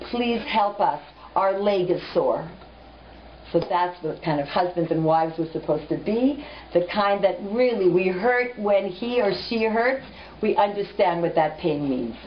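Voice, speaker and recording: A woman giving a lecture, talking directly to her listeners and telling stories in an animated way. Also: lowish voice, slight background noise. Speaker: teacher. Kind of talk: storytelling lecture. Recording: muffled lo-fi recording.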